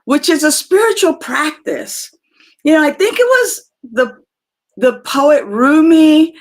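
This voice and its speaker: A woman hosting a live spiritual talk show, speaking gently and reflectively with many fillers and restarts as she answers chat comments. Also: sits high, lively intonation, takes it slowly.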